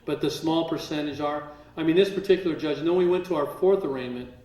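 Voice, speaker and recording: A man's voice: fairly high pitch, quick pace. A man speaking at a live seminar, telling stories animatedly and acting out what others said, with occasional laughter. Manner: animated, acts out quotes, laughs while telling. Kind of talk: storytelling to a live audience. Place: large room with a live audience. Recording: roomy echo, distant mic.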